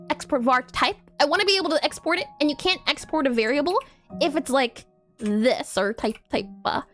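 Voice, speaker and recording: A woman's voice: high-pitched, bright, forceful tone. A woman live-streaming her game coding, thinking aloud as she types, spelling words out and answering her chat in a casual, chatty way.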